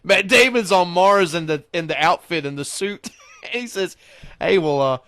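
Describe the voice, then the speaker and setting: A man's voice: high voice, expressive, moderate pace, pushed and bright, no echo. Man, podcast host, rambling storyteller, dry close sound. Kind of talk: casual chat.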